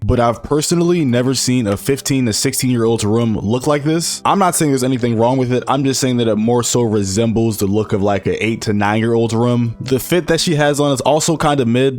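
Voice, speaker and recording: A young man reads a scripted commentary voiceover. He sounds sarcastic and mocking and leans on casual slang. His voice sits at a middle pitch for a man. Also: a little mellow. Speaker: commentary YouTuber.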